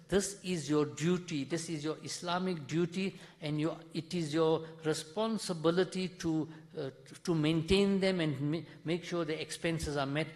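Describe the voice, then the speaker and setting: South African male preacher, earnest and chatty, slightly high voice, long mosque reverb. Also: a little mellow. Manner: earnest, conversational preaching with acted-out stories. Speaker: mufti giving a talk in a mosque. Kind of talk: sermon. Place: mosque hall.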